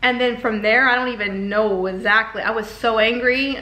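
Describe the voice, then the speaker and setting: A woman's voice: fairly high pitch, fairly even intonation, moderate pace, pushed and bright. A woman candidly telling a personal story in a vlog, emotional and repeating herself as she talks. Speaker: vlogger. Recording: echoey room.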